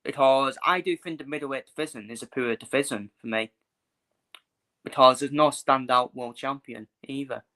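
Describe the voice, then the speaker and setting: A man hosting a live football watchalong, talking in a loose, chatty way and repeating his points. He is blunt and swears freely. His voice sounds bright and forceful, with a tense edge. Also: medium pitch, normal speed. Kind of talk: casual live football commentary.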